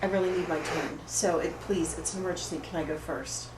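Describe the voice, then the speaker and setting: An actress playing an oversensitive, apologetic woman at a support group, rambling through an improvised monologue in a rough, emotionally raw way. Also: fairly low pitch, fairly even intonation, fairly quick, close to an everyday voice. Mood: pleading. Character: oversensitive, apologetic woman pouring out her woes. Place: roomy studio space. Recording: echoey room, far mic, background noise.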